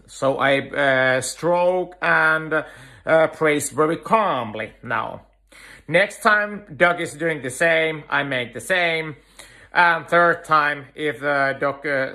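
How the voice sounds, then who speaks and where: A man giving an earnest dog-training lecture, talking in halting phrases full of "uh" fillers. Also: a little high, sharp tone. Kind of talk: instructional lecture.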